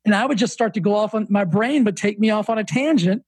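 High-voiced Southern man, animated storyteller. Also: fast, breathy edge, no echo. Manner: animated storyteller, many restarts. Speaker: guest, fitness coach and author. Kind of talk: casual podcast interview.

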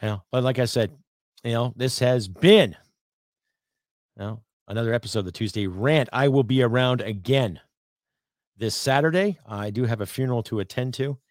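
A man's voice: mid-range voice, moderate pace, no room sound. Angry ranting man, dry close sound. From Canada. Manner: angry, emphatic, profane, rhetorical questions. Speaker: podcast host. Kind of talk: political rant podcast.

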